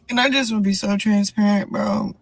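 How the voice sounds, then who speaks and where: A woman's voice: a little high, vocal fry, a little mellow, poor audio. A young woman boxer talking to camera from inside a car before a fight, rambling and earnest, repeating her words. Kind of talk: personal vlog monologue.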